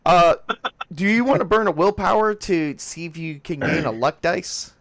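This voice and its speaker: A man's voice: on the high side, normal speed, fairly bright tone, no echo. A man narrating a tabletop horror game as game master, in a casual way with frequent restarts.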